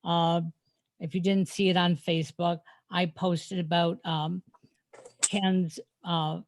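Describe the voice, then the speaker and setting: A woman's voice: on the low side, level tone, takes it slowly, a little hiss or hum. A woman in her seventies co-hosting a podcast, speaking candidly with lots of ums. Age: 70s. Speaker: co-host. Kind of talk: casual podcast chat.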